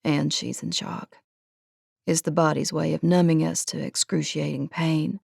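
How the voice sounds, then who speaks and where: A woman reading an audiobook, voicing an older male ranch foreman who speaks gently and slowly. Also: low-pitched, gravelly, husky, no room sound, clean studio sound, heavily acted. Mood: gentle. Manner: gentle, calm, slow.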